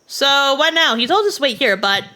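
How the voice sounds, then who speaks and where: A woman's voice: high-pitched, animated, normal speed, sharp tone, voice pushed up. A woman reading an earnest young heroine. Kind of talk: reading game dialogue aloud.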